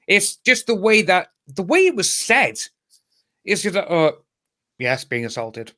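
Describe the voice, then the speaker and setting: A man's voice: sits high, very animated, unhurried, bright, forceful tone. A man guest on a casual livestream, talking emphatically and acting out quotes.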